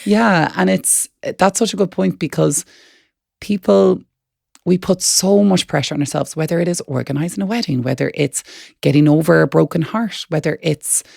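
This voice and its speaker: A woman's voice: lowish voice, normal speed, gravelly, darkish tone, no room sound, clean studio sound. A woman co-hosting a wellness podcast, talking in an earnest, encouraging way and repeating words as she thinks. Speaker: podcast co-host. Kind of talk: reflective wellness chat.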